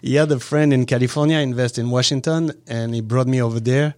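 Halting French-accented man, dry close sound. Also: medium pitch, fairly even intonation, a little mellow, no echo. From southern France. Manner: halting, searching for words, frequent restarts and chuckles. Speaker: restaurant owner, guest. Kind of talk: casual interview conversation.

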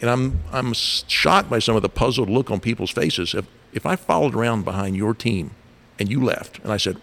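Lowish-voiced man coaching with stories. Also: fast talker, vocal fry. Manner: animated storyteller, acts out quoted voices. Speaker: leadership coach and guest. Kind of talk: conversational explaining with stories.

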